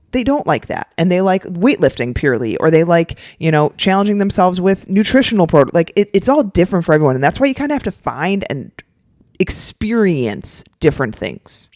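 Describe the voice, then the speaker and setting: A woman's voice: on the low side, sing-song, moderate pace, a little mellow, no room sound. A woman co-hosting a casual podcast, talking in a loose, rambling way full of fillers and restarts. The sound is dry and close, with no room in it. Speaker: podcast co-host.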